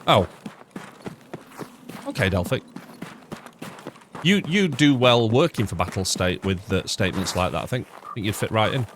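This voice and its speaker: A man streaming a shooter game live, rambling and thinking out loud, chatting to his viewers with jokey asides and casual swearing. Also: lowish voice, animated, normal speed, long pauses, slight background noise. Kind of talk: live gameplay commentary.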